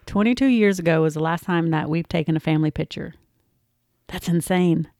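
Candid Southern woman with a lowish voice. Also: a little fast, darkish tone, no echo, studio quality. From Oklahoma. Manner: candid, plainspoken, laughs easily. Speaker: podcast co-host. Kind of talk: casual chat.

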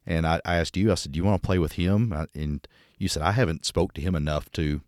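Deep fast-talking man chatting casually. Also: steady tone, a little mellow, no room sound, studio quality. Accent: Texan. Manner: candid, joking, storytelling with crude humor. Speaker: podcast co-host. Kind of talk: casual conversation.

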